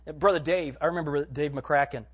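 A man preaching a sermon in a church, swinging between hushed, drawn-out phrases and loud emphatic lines. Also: fairly high pitch, slightly rough. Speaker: pastor.

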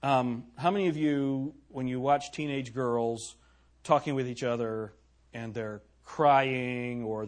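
A middle-aged man preaching a sermon in a church, throwing rhetorical questions at the congregation. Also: mid-range voice. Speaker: pastor.

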